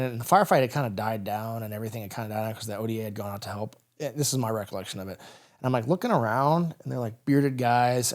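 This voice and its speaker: A man in his thirties, a veteran guest on a podcast, telling stories casually and acting out the dialogue. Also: mid-range voice. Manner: rapid, animated anecdotes with quoted dialogue. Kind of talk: casual storytelling interview.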